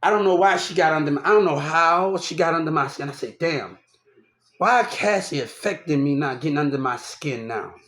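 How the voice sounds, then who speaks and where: A man's voice: on the high side, a little fast. A young man rambling through a personal story, repeating himself and restarting often. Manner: repetitive, restarts often, animated. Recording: roomy echo.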